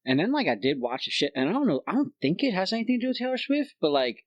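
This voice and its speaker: A man's voice: high-pitched, big pitch swings, very fast. Chill guy rambling on a podcast, laughs a lot, muffled sound. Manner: laid-back, rambling, laughs at his own jokes. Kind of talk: casual podcast chat. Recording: dull lo-fi sound.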